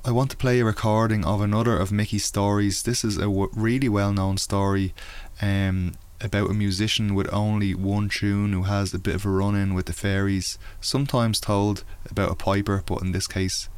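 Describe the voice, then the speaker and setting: A man presenting folk music archive recordings in a measured, informative way. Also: lowish voice, level tone, a little mellow, smooth. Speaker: radio presenter. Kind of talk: scripted narration.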